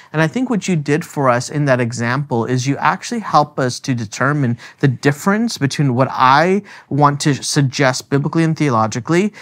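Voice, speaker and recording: A man co-hosting a faith podcast, explaining theological ideas carefully and laughing easily. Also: fairly high pitch. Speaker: theologian co-host. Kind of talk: teaching conversation.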